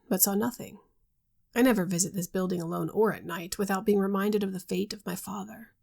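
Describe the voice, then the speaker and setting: A woman reading the part of a grave young husband troubled by a mysterious voice, in a measured, earnest way and in her own voice. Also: mid-range voice, creaky, darkish tone.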